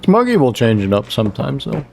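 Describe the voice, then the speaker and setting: A young man chatting casually while streaming a game, rambling and animated, jumping high when he quotes other people. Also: fairly quick, creaky, faint music behind.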